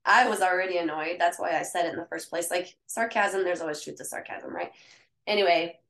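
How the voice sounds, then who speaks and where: A woman co-hosting a podcast in casual chat, telling candid, lively stories. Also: lowish voice, a little fast. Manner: candid, animated storytelling. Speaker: podcast co-host. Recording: echoey room.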